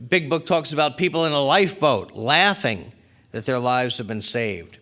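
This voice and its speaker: A man's voice: medium pitch, normal speed. A middle-aged man giving a spiritual talk at a recovery convention, telling a story and acting out the people in it. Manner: animated storyteller acting out quoted characters. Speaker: spiritual speaker. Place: large convention hall.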